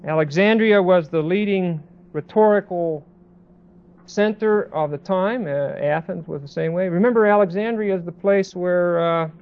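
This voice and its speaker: A man preaching a Bible sermon in a conversational way, with many pauses and restarts, as a pastor. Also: high voice, clear, resonant tone, muffled recording.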